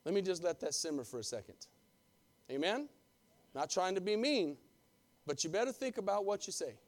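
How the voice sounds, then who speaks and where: A man's voice: high-pitched, animated, normal speed. A male pastor preaching a fervent sermon, calling for amens and talking straight to his congregation. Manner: fervent, calls for amens, talks directly to the congregation.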